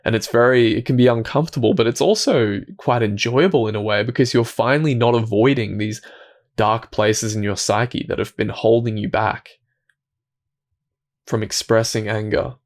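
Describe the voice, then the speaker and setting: A man hosting a reflective self-help talk, speaking calmly and gently, often restarting his thoughts and dropping into soft, quiet asides. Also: medium pitch, normal speed. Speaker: self-help video host.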